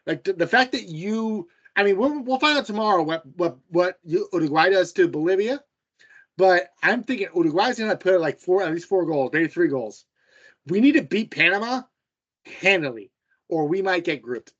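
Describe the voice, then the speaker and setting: A man's voice: high-pitched, animated, moderate pace, fairly bright tone, highs cut off. A man from the United States co-hosting a podcast, ranting heatedly and with lots of swearing in casual sports chat. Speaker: podcast co-host.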